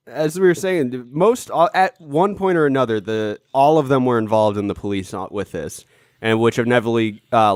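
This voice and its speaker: A man's voice: fairly low pitch, a little mellow, dry recording, clean studio sound. A man co-hosting a comedy podcast, telling the story in a loose, rambling way with plenty of restarts and filler. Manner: rambling, self-interrupting storyteller. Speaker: podcast co-host. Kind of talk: casual comedic chat.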